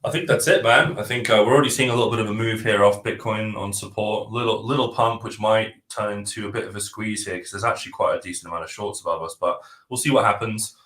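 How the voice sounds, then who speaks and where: A man talking through the market in a relaxed, hedging way. His voice is fairly low and carries a roomy echo. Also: fast talker, few pauses. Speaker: trading analyst co-host. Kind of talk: casual market commentary.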